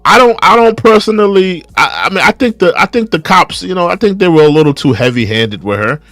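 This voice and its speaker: A young man talks through a reaction video in a lively, swooping voice, riding high as he repeats his rhetorical questions. The sound is dry and close, with faint music underneath. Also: a little fast, no room sound. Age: young adult. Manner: animated, repeats rhetorical questions, reads viewer comments aloud. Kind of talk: casual live commentary.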